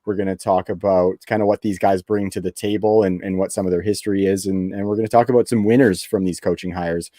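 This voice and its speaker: A man from Canada hosting a podcast, relaxed and easygoing, laughing readily between filler words. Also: sits low, fast talker, few pauses, no echo, studio quality. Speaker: podcast host. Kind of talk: casual podcast chat.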